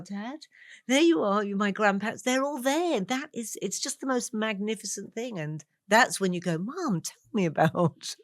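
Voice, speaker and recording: A woman in her sixties from England, a guest talking over memories, with an animated storytelling manner and frequent laughs. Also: medium pitch, no room sound, studio quality. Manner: warm storyteller, laughs often, animated asides. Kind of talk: reflective conversation.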